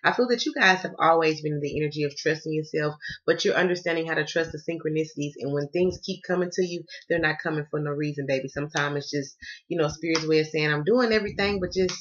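A woman's voice: deep voice, quick pace, muffled recording. A woman from the American South doing a casual tarot reading, sassy and playful and cussing freely. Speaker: tarot reader.

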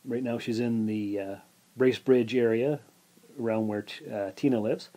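A man's voice: mid-range voice, fairly even intonation, moderate pace, dark tone. A man hosting his own podcast, casually telling a rambling story full of asides and filler words. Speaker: podcast host.

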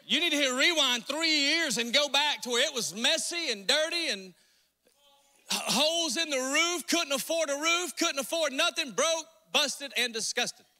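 Southern pastor man preaching, folksy jokes, real high bright voice, long churchy echo. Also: moderate pace. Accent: Southern US, north Georgia. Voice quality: folksy, joking storytelling preacher. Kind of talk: sermon. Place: church sanctuary. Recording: long reverb in a church hall.

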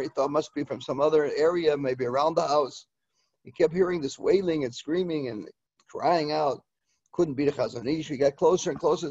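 An older man, a yeshiva head, delivering a eulogy sermon in a halting, repetitive way, with Hebrew and Yiddish terms mixed in. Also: fairly high pitch, darkish tone, no echo, lo-fi sound. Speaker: rosh yeshiva giving a eulogy.

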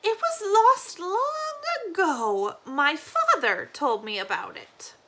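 A woman voicing a forgetful, dreamy old grandmother in a storybook read-aloud, her lines slow and wavering. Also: very high voice, very animated, sharp tone, pitched above the performer's own voice, full character voice. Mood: wistful.

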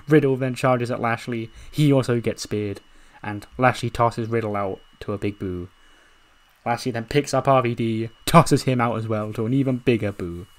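A man narrating a wrestling management game in a casual, excited way, swearing and laughing as he goes. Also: mid-range voice. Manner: excited, swearing, laughing at his own story. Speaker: video game commentator.

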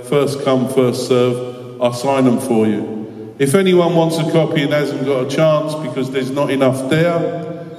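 A man's voice: mid-range voice, a little slow, darkish tone. Earnest man in an echoing hall. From London, England. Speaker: guest speaker. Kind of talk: inspirational talk with storytelling. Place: large school assembly hall. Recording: echoey hall from far off.

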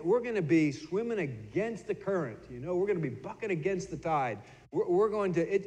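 A middle-aged man preaching a sermon in a casual, conversational way, stumbling over and repeating his words now and then. His voice sits a bit high for a man. A long church reverb trails behind every phrase. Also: a little mellow. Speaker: pastor. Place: church sanctuary.

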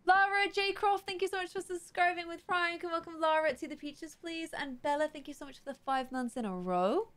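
A young woman hosting a let's play, chatting curiously and reading game text aloud slowly as she thinks. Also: very high-pitched, fairly bright tone.

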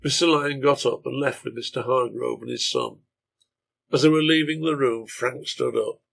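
A man narrating a translated serial novel in a measured storytelling reading. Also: mid-range voice, lively intonation, creaky, fairly bright tone.

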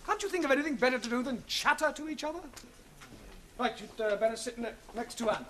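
Brief: a schoolmasterly teacher, very high voice, clipped and firm, hissy old TV audio. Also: male voice, lively intonation, fast, fairly bright tone. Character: exasperated male English teacher, patient but firm. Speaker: English teacher. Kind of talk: 1970s British sitcom acting. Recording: noisy old TV soundtrack.

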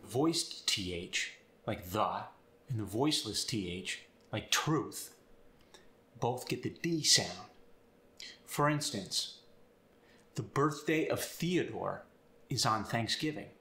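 A man teaching accents and explaining sounds step by step in an upbeat, clear way. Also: lowish voice, lively intonation, slow, long pauses, pushed and bright, roomy sound. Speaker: accent coach. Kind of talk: instructional video.

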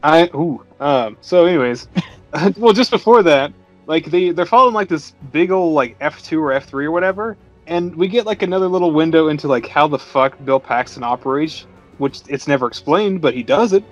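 Easygoing, rambling man, fairly high voice. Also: expressive, moderate pace, muffled recording, soft background music. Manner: easygoing and rambling, full of "like" fillers. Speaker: podcast co-host. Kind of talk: casual movie-review chat.

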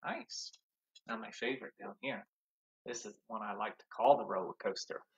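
A man's voice: fairly low pitch, moderate pace, lo-fi sound. A man teaching an online music class to young children, talking cheerfully and singing along with a ukulele.

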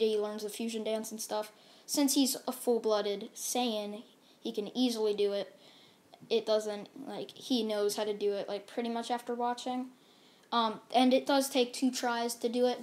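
A woman's voice: a little high, darkish tone. A woman casually narrating a fan-made story, rambling with many fillers and restarts.

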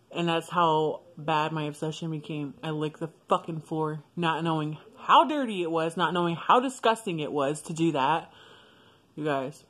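A woman's voice: low voice, normal speed. A young woman vlogger telling a casual, blunt and profane story about herself and laughing often.

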